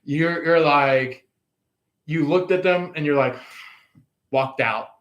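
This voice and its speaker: A man's voice: fairly high pitch, slow, a bit bright, lo-fi sound. A man giving a casual tarot reading, rambling with many fillers and restarts. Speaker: tarot reader.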